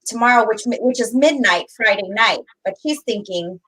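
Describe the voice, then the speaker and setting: A middle-aged woman with a high voice tells a story in casual podcast chat. She is animated and acts out every quote, and she often jumps in over her partner. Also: moderate pace, breathy edge, poor audio. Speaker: podcast co-host.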